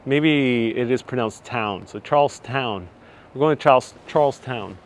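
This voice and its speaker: A man's voice: medium pitch, normal speed, slight background noise. A man hosting a live walking tour outdoors, chatting casually and reacting to viewer comments as he goes. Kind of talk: casual live-stream narration. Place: outdoors on city streets. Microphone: phone on handheld gimbal.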